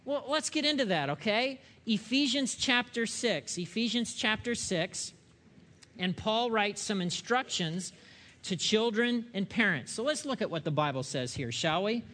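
A man with a high, light voice preaches in a chatty, conversational way, often pausing to ask the room "okay?" His words ring out with a long reverb, as if in a large sanctuary. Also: big pitch swings, fairly bright tone. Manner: conversational, with frequent rhetorical check-ins and asides. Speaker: pastor. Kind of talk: sermon.

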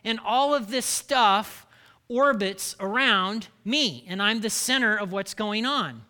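A man's voice: high voice, animated, slow, pushed and bright. An American man preaching a conversational sermon as a pastor, teasing and joking with his congregation. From United States. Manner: conversational, playful, teasing the audience. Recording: long hall reverb.

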